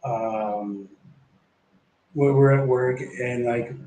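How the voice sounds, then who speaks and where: A man's voice: mid-range voice, steady tone, drawn-out words, mellow, far from the mic. Rambling profane man, echoey room. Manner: rambling, profane, many fillers and restarts. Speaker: streamer telling a story. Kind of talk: casual storytelling chat. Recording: echoey room with faint background noise.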